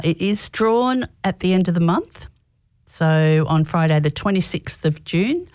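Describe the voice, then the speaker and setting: An Australian woman presenting live radio, losing her voice, reading names in a steady, measured way. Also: lowish voice, no room sound, studio quality.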